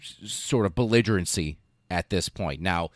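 Deep-voiced sarcastic man podcasting. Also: moderate pace, dry recording, clean studio sound. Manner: irreverent and sarcastic, swears often, acts out quotes in silly voices. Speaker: podcast host. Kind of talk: casual history podcast monologue.

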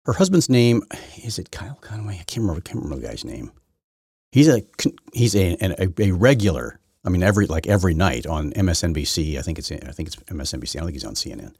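A man's voice: low-pitched, sing-song, quick pace, gravelly, darkish tone, husky, no room sound, studio quality. A man hosting his own political talk show, delivering an opinionated, rambling monologue full of restarts. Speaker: podcast host.

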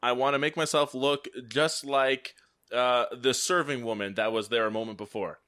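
Young man podcast host and player, chatty, bright clear voice. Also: medium pitch, steady tone, moderate pace. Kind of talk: casual podcast talk.

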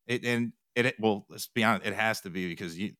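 A man's voice: lowish voice, a little fast, a bit bright, no room sound, studio quality. A man chatting as an interview guest, rambling with restarts and retold quotes. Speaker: podcast guest, TikTok music reactor. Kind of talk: casual interview chat.

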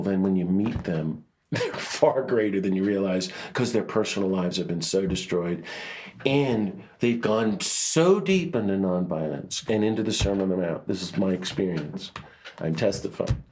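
Low-voiced American man, interview guest, passionate and animated storyteller. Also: a little hiss or hum. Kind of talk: conversational interview.

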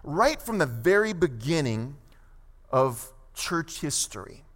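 A man preaching a sermon as pastor, emphatic, with quick asides and slow, stressed phrases. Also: a little high, sing-song, a bit bright. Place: church sanctuary. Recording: long hall reverb.

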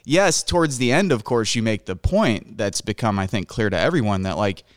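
A man's voice: on the low side, expressive, moderate pace, dry recording, studio quality. A man hosting an interview, talking casually and rambling a bit, with many "like" fillers. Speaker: host. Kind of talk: conversational interview.

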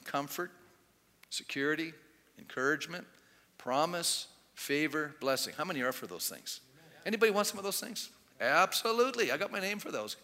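A man preaching a sermon as pastor, animated and emphatic, rising loud and dropping soft for effect. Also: a little high, normal speed. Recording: long hall reverb.

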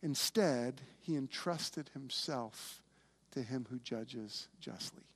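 A pastor preaches a conversational sermon at a slow pace in a medium-pitched voice. He restarts himself often and acts out the voices of biblical figures.

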